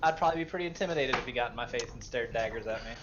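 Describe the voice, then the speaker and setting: A man playing in a tabletop game, talking in an animated, joking way. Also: mid-range voice, very fast, lo-fi sound. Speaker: player. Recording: noisy mic.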